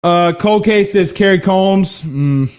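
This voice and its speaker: A man in his thirties from Louisiana hosting a casual sports stream, reading viewer comments and telling stories in a blunt, animated way. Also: high voice, measured pace, clean tone. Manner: animated storyteller, hums drum beats, blunt. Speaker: sports show host.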